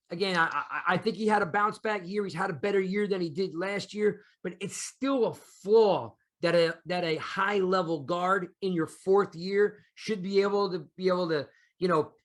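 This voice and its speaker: A man's voice: high-pitched, moderate pace. A man hosting a casual sports podcast, talking in a rambling way with many restarts. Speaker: podcast host.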